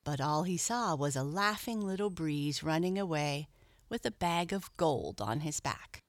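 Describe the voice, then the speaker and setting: A woman narrating a children's storybook in a gentle, storytelling manner. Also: low-pitched, lively intonation, a little slow, no echo.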